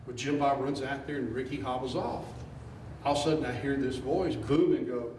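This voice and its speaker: A man, a former player and assistant coach, telling an animated story on a panel and laughing as he goes. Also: mid-range voice, a little fast. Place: event hall with an audience. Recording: echoey room from far off with noise.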